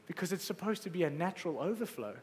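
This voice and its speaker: A man preaching a sermon with passion, swinging between loud exclamations and quiet, soft stretches. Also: high voice, expressive, fast, in a large hall, a little hiss or hum. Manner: passionate, rising to exclamations then dropping soft.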